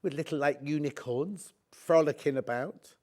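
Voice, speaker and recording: A man's voice: on the high side, normal speed, a little mellow. A middle-aged man hosting a live shopping show, chatting and joking as he rambles into anecdotes between prices. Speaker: shopping channel presenter.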